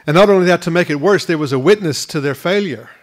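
A man's voice: on the high side, fast talker. Earnest man preaching a sermon. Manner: earnest, repeats words at restarts. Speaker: pastor. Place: school hall used for church.

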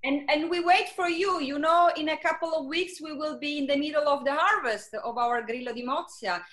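A woman's voice: high-pitched, a little fast, a bit bright. Sicilian woman with an Italian accent. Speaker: winery estate manager. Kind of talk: casual video-call chat.

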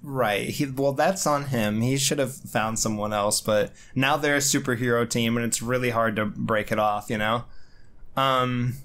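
A man's voice: mid-range voice, fairly even intonation, a little slow, a bit bright. A man hosting a casual comic podcast, joking, swearing freely and laughing often. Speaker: podcast host. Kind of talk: casual chat.

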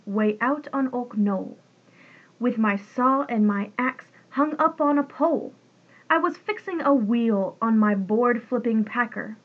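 High, slow woman reading rhyming story. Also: husky, phone-quality sound. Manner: sing-song rhyming delivery. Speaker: reader. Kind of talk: rhyming storybook read-aloud.

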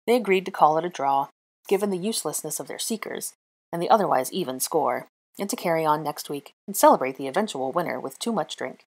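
Woman narrator, storybook reading, measured and expressive; low husky voice. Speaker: fanfiction reader.

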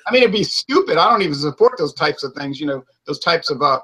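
A man with a slightly higher voice talks through a loose, casual debate about beer reviews. He rambles and stops to restart his points. His speech is full of hypotheticals. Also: expressive, fast, pushed and bright, slightly rough, low-quality recording. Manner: rambling, hypothetical, self-interrupting. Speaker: beer reviewer and show host.

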